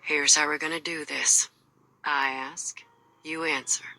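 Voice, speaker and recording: An actress voicing a tough, cold female mercenary in a video game, with a gruff, threatening, folksy drawl. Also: sits low, steady tone, a little slow, sharp tone, soft background music, full character voice, rough recording. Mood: menacing. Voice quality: husky.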